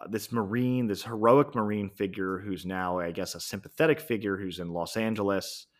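A man's voice: on the low side, a bit bright. A man hosting a podcast, casually recapping a series finale and thinking aloud with frequent ums and self-corrections. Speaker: podcast host. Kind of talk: solo podcast review.

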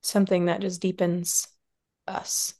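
A woman speaking softly and from the heart in a reflective interview, with many pauses and fillers. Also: on the low side, flat delivery. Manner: soft, heartfelt, with many likes and trailing pauses. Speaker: podcast guest, somatic practitioner and dance teacher.

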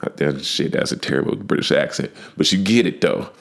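Man, very low voice, podcast host, casual, loose, profane. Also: expressive, a little fast, gravelly.

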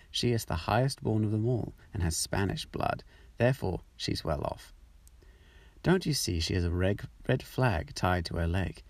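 A man's voice: low voice, vocal fry, no room sound, full character voice. A man voicing a fussy, proud mother duck in a storybook reading, anxious and doting.

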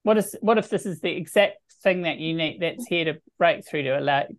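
A woman's voice: sits low, fairly quick. A woman on a group video call asking earnest, probing questions and repeating words for emphasis. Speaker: coaching group member.

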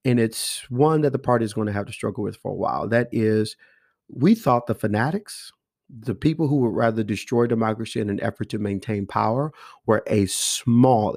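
A man's voice: on the low side, creaky, a little mellow, dry recording, clean studio sound. Emphatic man in political monologue. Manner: exasperated, emphatic, half-joking asides. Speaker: political commentator.

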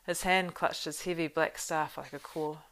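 A woman reading a fantasy audiobook, narrating in a steady, unhurried way. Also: low-pitched. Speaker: audiobook reader.

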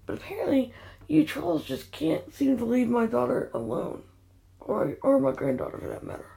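Older woman, gravelly, mellow, angry scolding vlog rant. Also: on the high side, very animated, normal speed. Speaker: grandmother vlogger. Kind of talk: angry direct-to-camera rant. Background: quiet house at night.

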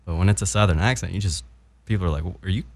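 Deep-voiced, laid-back male guest. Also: racing, a little mellow. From Southwest Virginia, United States. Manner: laid-back, storytelling, good-humored. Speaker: podcast guest, former doctor turned actor. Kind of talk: casual interview chat.

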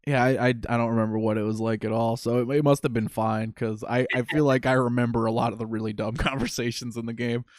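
A man in casual chat, animated and exasperated, acting out what characters say. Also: mid-range voice, fast, few pauses, dry recording, clean studio sound. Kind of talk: casual chat about a video game.

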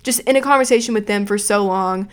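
Young woman rambling on her podcast from home, cussing and laughing at herself, pitch right in the middle. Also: fast talker. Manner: rambling, profane, self-mocking. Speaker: podcast host. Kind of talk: casual storytelling.

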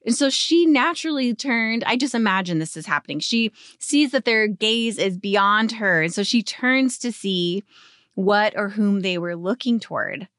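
Teaching scripture on her devotional podcast, a woman in her thirties tells stories earnestly and expressively, easing down and softening at tender moments. Her voice is a little high, and the studio-quality audio has no echo.

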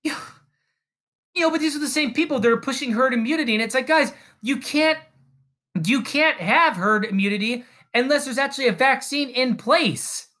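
Ranting podcast host, angry and profane, rambling, bright and forceful tone. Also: male voice, very high voice, moderate pace. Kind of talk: political rant.

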